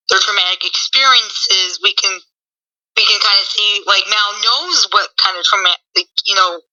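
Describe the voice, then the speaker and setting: A woman's voice: mid-range voice, pushed and bright. A woman as a guest in a casual chat, rambling and filling her talk with "like". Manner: rambling, heavy use of "like" fillers. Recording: dull lo-fi audio.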